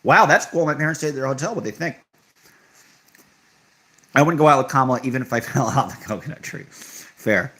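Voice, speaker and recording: In a casual livestream, a young man reacts to his viewers' comments with throwaway sarcasm. He speaks briskly but pauses often, with a medium-pitched, sharp-toned voice.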